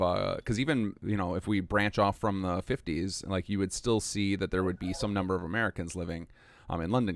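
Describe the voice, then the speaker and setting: Host: low-voiced man, loose and chatty with frequent fillers, recorded dry. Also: dry recording. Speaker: podcast host. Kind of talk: casual podcast interview.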